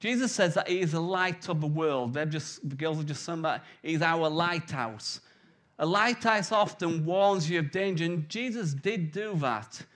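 A man's voice: on the high side, lively intonation, measured pace, fairly bright tone. A man in his forties preaching a conversational sermon with jokes and anecdotes. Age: 40s.

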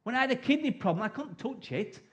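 A middle-aged man, preaching a sermon. His voice sits high for a man, and he talks in a loose, joking, conversational way, acting out little scenes of prayer as he goes. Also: expressive, quick pace.

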